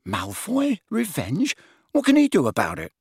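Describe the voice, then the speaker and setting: A man's voice: sits high, huge pitch swings, moderate pace, gravelly, darkish tone, slightly rough, no room sound, clean studio sound, voice pushed up, exaggerated voice. A man voicing a vague, disbelieving teenage boy who scoffs at a friend's idea. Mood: incredulous. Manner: incredulous, mocking.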